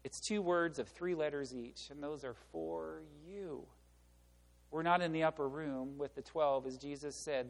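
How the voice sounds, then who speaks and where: A man preaching a sermon as pastor, animated and asking his listeners rhetorical questions. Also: fairly high pitch. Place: church sanctuary. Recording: long reverb of a church hall.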